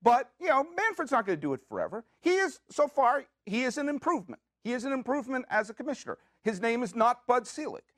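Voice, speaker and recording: In a studio, a podcast host delivers a comedic monologue, animated and jokey, full of playful rants and questions he asks himself. His voice is very high and fast, with few pauses. The sound is clean studio audio with no room sound.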